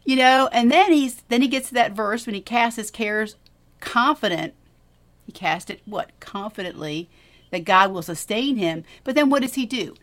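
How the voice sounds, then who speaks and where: A woman's voice: mid-range voice, lively intonation, normal speed, a bit bright. A woman co-hosting a faith podcast, teaching in an earnest, encouraging way with emphatic repetition. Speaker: podcast co-host.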